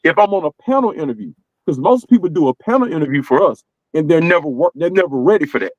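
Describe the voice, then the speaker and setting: A man's voice: on the high side, expressive, fast, darkish tone, no echo, highs cut off. A middle-aged man with a Southern US accent, giving earnest, streetwise advice in casual podcast talk. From American South. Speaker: podcast co-host.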